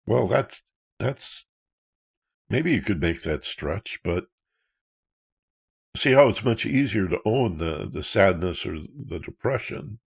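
Talking earnestly on emotional self-awareness, a counselor poses rhetorical questions about fear and childhood feelings. His voice is lowish, husky, and creaky, animated but slow, with frequent pauses.

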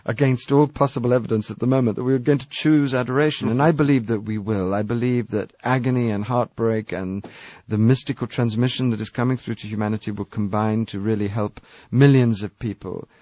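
A man's voice: mid-range voice, fairly even intonation, a little fast, darkish tone, dry recording. A man speaking as a radio guest about spirituality, earnest and emphatic, repeating phrases for stress. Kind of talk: impassioned spiritual talk. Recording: muffled radio broadcast.

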